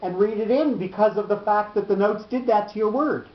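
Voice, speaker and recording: A man's voice: sits high, a little fast. A man teaching a class, patiently explaining and holding his point against interruptions. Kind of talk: classroom lesson. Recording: echoey room, dull lo-fi sound.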